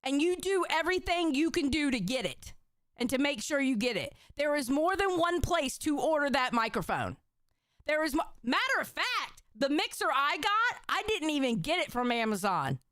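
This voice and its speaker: A woman's voice: high voice, very animated, moderate pace, fairly bright tone, no echo, clean studio sound. A woman hosting a casual commentary, reacting bluntly and with lots of swearing to stream clips. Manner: blunt, profane, exclamatory.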